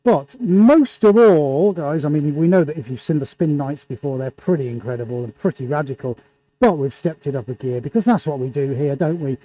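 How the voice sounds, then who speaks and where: A man hosting a live painting stream in an indoor studio, talking through a face mask and calling out viewer shout-outs with showman-like excitement. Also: a little high, brisk. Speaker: livestream host and painter.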